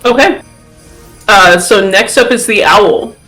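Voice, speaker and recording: A man's voice: high-pitched, takes it slowly, pushed and bright, faint music behind, low-quality recording. A man narrating as game master of a tabletop game, chatty and laughing, with many fillers.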